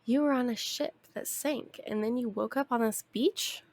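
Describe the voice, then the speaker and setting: A woman's voice: on the high side, moderate pace, darkish tone, voice pushed up. A woman reading out the lines of a blunt, morbid young male companion character from a game, in a teasing tone. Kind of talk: reading game text aloud on a stream.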